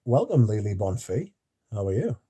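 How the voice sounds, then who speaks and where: A man's voice: lowish voice, very animated, fairly quick, warm tone, husky. A man hosting a casual livestream, reading out chat messages and swearing freely. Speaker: livestream host.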